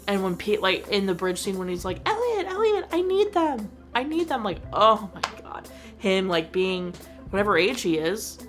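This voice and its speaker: A young woman talks through a movie she loves in a casual, emotional review. Her voice sits fairly low with a gravelly fry, and she leans on "like" constantly as she gushes. Faint music plays behind her. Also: fairly bright tone. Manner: gushing and emotional, many "like" fillers.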